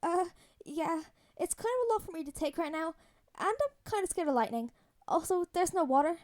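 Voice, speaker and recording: A nervous teenage boy in a storybook audio reading, his voice pitched up high and light, soft and shaky. He stammers and hesitates, apologetic and shy, as a woman acts him out. The tone stays mellow rather than sharp. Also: lively intonation, normal speed. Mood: panicky.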